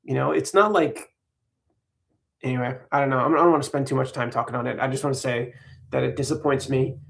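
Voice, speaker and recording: Gravelly man rambling to viewers. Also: medium pitch, fairly even intonation, a little fast. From United States. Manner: rambling, earnest, talks to viewers directly. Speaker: parody channel host. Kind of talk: casual livestream chat.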